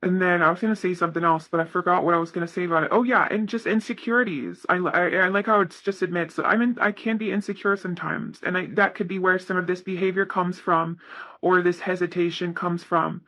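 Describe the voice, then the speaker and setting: A man's voice: high voice, fairly even intonation, fast talker, bright, forceful tone. A man giving a casual tarot reading, talking in a rambling, self-correcting way with lots of fillers. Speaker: tarot reader.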